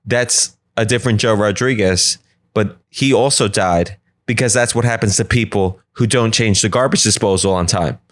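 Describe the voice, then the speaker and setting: A man voicing a scheming suburban wife who makes calm, matter-of-fact threats. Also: lowish voice, normal speed, natural voice. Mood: menacing.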